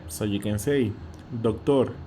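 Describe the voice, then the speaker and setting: A man's voice: on the low side, measured pace, dark tone, faint music behind. A man with a Mexican accent teaching vocabulary, patiently repeating each word and often checking in with "okay?". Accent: Mexican Spanish. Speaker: Spanish teacher. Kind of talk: slow vocabulary lesson.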